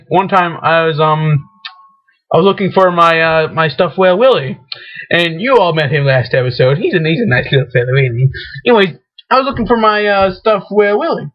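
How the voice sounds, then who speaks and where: A high-voiced young man chatting to the camera in a rambling, excitable way. He keeps restarting his sentences and slips into frantic acted-out rants. The audio is dull and lo-fi, like an old webcam mic. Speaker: vlogger. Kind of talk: rambling casual vlog.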